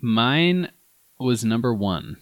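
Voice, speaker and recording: A man co-hosting a casual wine tasting chat, deliberate, with dry jokes. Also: mid-range voice, lively intonation, dry recording, highs cut off. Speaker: co-host of a wine tasting show.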